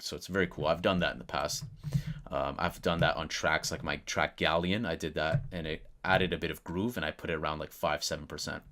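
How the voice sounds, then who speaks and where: Keyboard clicks and typing sound behind a man whose low-pitched voice is a bit bright. He casually walks through a music production tutorial recorded from his computer screen, using fillers as he thinks out loud.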